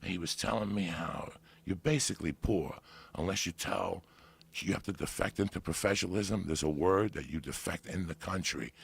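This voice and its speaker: Gravelly, profane New man. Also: sits low, moderate pace. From New Jersey. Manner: animated, profane storyteller. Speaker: podcast guest. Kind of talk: casual storytelling.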